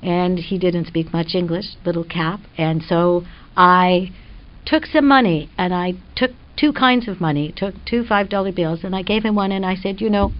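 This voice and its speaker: A woman's voice: on the low side, moderate pace. An older woman speaks as a guest on a talk radio show. She tells a personal story in an earnest, reflective way. The sound is dull and lo-fi. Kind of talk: spiritual conversation on radio.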